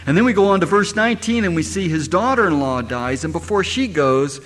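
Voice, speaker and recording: A man's voice: high voice, expressive, a little fast, a bit bright. A middle-aged man, a pastor, preaching a sermon and firing rhetorical questions at his congregation. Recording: echoey hall, faint ambience.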